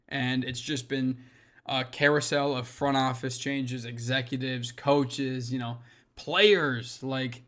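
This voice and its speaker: A young man from Minnesota ranting about basketball trades in a loose, profane, excitable way. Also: a little high. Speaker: sports commentator. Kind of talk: casual opinion rant.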